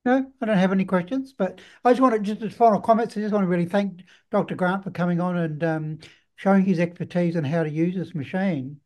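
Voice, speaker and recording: A man's voice: high voice, fairly quick, darkish tone. A man hosting an online webinar, speaking casually and rambling through his thanks. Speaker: host.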